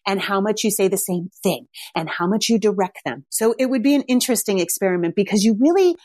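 A woman's voice: mid-range voice, expressive, fast, a little mellow, dry recording, clean studio sound. A middle-aged woman parenting coach talking casually, telling stories in a chatty way with lots of "like". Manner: chatty storytelling, frequent "like". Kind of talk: casual monologue.

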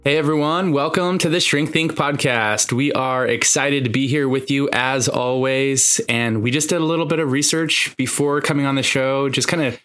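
A man's voice: mid-range voice, steady tone, normal speed, few pauses, fairly bright tone, soft background music. A man co-hosting a podcast in casual, jokey banter, laughing often. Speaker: podcast co-host, therapist.

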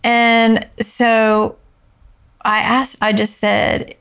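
A woman tells a personal story on an interview show at a slow, deliberate pace. Her voice carries a gravelly fry and a soft, tearful quality. It sinks low when she is moved. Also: fairly even intonation. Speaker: guest.

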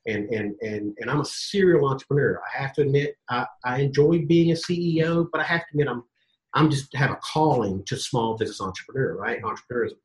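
A man telling stories in a casual podcast interview as a guest coach, animated, acting out quotes and swearing casually. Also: medium pitch, fast, rough recording.

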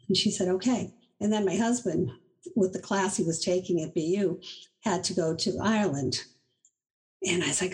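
A middle-aged woman from Boston, a guest telling travel stories. She talks in an animated, chatty way and laughs often as she goes. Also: mid-range voice, a little fast, poor audio. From Boston, USA. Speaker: inventor, guest. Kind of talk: casual interview storytelling.

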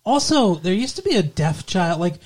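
A man's voice: high-pitched, very animated, moderate pace. A man co-hosting a casual podcast, joking around, telling crude jokes and laughing often. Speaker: podcast co-host.

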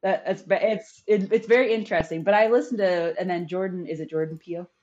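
A woman co-hosting a podcast in casual chat, animated and laughing often as she tells stories. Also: on the low side, fast, dull audio. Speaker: podcast co-host.

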